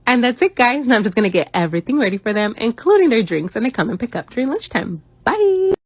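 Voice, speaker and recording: A woman's voice: a little high, big pitch swings, quick pace, husky, dry recording. A woman narrating her cooking video in a playful, joking way, talking straight to her viewers. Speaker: home cook and food creator. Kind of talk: scripted cooking voice-over.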